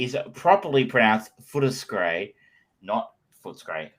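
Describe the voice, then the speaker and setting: Rambling Australian man, lively voice. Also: mid-range voice, a little slow. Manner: rambling, jokey storyteller with lots of fillers. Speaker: podcast co-host. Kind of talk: casual chat.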